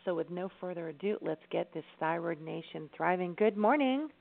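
A woman co-hosts a talk show with an upbeat, encouraging manner as she draws out her guest. Her voice has a gravelly fry and comes through a narrow, phone-like line. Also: fairly low pitch, expressive, moderate pace. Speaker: podcast co-host. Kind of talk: casual radio chat. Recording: phone-like call-in audio.

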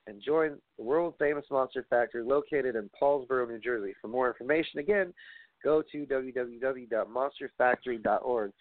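A man's voice: medium pitch, brisk, dry recording. A man hosting a wrestling podcast, rambling casually, reading off long lists and swearing now and then. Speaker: podcast host. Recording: tinny phone-like line, dry.

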